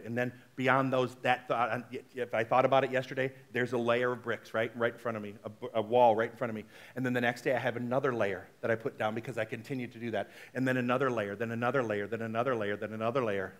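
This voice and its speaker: A man giving a sermon as a minister, talking in a chatty, animated way and speaking straight to the congregation. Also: mid-range voice, quick pace, hardly any pauses. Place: spiritual center service.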